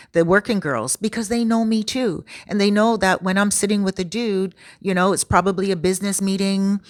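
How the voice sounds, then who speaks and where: A woman's voice: mid-range voice, no room sound, studio quality. A woman who works as a relocation consultant, telling a casual, chatty storytime in a laid-back way.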